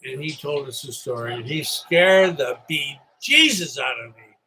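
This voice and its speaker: A man's voice: medium pitch, lively intonation, measured pace, pushed and bright, a little hiss or hum, poor audio. A middle-aged man from upstate New York hosting a solo live stream, rambling and chatty after a few drinks. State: slightly tipsy.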